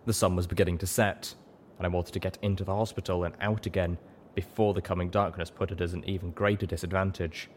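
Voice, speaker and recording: A man reading fan fiction aloud as an audiobook narrator, steady and deliberate. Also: low voice, slight background noise. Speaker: audiobook reader.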